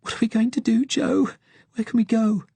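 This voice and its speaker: Casting: a man doing a scared young woman, middle-class English, breathless and high-pitched, on the edge of tears. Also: steady tone, moderate pace, dark tone, breathy edge, no room sound. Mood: panicked. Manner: breathless, rising to hysterical. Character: frightened young Jewish woman, tearful, pleading.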